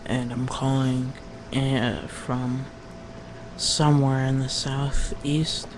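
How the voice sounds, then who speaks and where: A man voicing a halting prank caller posing as an impostor, calling from a construction site. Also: level tone, close to an everyday voice. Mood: deadpan. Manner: slow, halting, with many pauses and fillers. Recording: rumbling construction noise behind a phone call.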